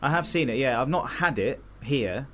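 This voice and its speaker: A man talking earnestly as a radio guest, halting and restarting on serious points. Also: mid-range voice, animated, pushed and bright, slight background noise. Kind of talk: casual radio studio chat. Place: radio studio.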